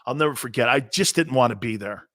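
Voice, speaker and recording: This sports radio host, a man in his fifties, talks fast in a medium-pitched, slightly bright voice, recorded clean in the studio with no echo. His opinionated monologue is full of blunt, fired-up stories, with frequent repetition and cut-in asides.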